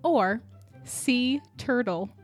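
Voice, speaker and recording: A woman's voice: on the high side, drawn-out words, soft background music. A woman co-hosting a casual podcast, chatty and giggly as she explains things. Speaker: podcast co-host.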